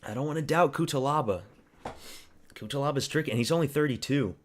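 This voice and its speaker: A man's voice: mid-range voice, fast. A man hosting a casual fight watch-party stream, rambling, swearing and answering chat. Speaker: livestream host.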